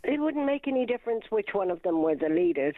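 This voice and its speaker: A woman's voice: mid-range voice, sing-song, fast, no echo. A woman calling in to a radio show, hesitant and apologetic, with lots of ums. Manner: hesitant, apologetic, many fillers. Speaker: caller. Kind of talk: phone-in call. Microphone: telephone. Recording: tinny phone line.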